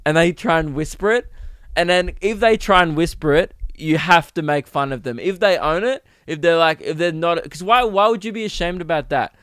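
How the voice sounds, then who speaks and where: A man's voice: fairly high pitch, a little fast, a bit bright, smooth, dry recording, studio quality. A young man hosting a comedy podcast, riffing crudely and acting out silly bits. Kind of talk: rambling comic monologue.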